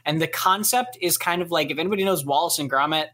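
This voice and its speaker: A man's voice: on the high side, quick pace, pushed and bright. A man co-hosting a casual game podcast, talking in loose, filler-heavy rambles. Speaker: podcast co-host. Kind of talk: casual chat.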